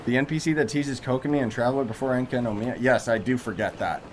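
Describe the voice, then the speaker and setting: A young man talks over his gameplay at a mid pitch, trading sarcastic, slangy jabs at the story as he plays. His remarks are dismissive and offhand, as if he is barely impressed by anything on screen. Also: fast, a little hiss or hum. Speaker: gaming video creator. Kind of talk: casual gameplay commentary.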